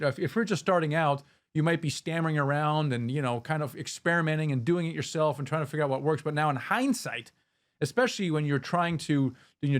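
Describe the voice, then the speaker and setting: Fast-talking, upbeat male interview host. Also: a little high. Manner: enthusiastic, restarts phrases often. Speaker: podcast host. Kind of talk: interview conversation.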